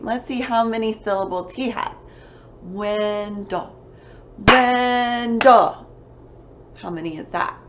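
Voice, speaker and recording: A woman teaching a young class remotely, with a sing-song manner and drawn-out words. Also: on the high side, fairly bright tone, dull audio, slight background noise. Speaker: kindergarten teacher.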